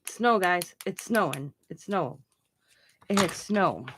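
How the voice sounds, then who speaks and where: A woman's voice: lowish voice, animated, slow, noisy background. A woman hosting a casual crafting livestream from her home craft room, chatting in a rambling way and laughing often. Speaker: craft channel host.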